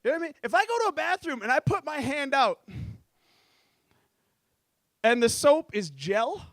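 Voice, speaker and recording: A man performing stand-up comedy, telling stories in an animated, profane way. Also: very high voice, moderate pace, pauses often, dry recording.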